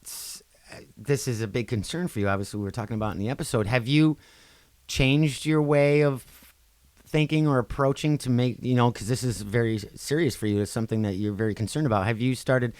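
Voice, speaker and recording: A man co-hosting a podcast in casual chat, getting loud and animated when he tells a story, then dropping low. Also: no room sound. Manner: animated, swings loud for quoted outbursts, then drops low. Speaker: podcast co-host.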